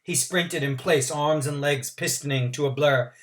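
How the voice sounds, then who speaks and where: A man's voice: a little high, fairly even intonation, normal speed, fairly bright tone. A man teacher reading a novel aloud to his class, adding asides and explanations for his students.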